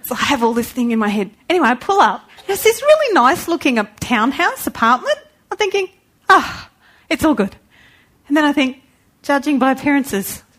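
Animated woman telling a story. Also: high-pitched, normal speed. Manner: animated, acts out the people in her story. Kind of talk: storytelling sermon.

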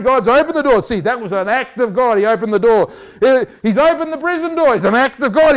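Animated, high-voiced male preacher. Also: quick pace, hardly any pauses. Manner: animated storytelling, rhetorical questions. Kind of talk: sermon.

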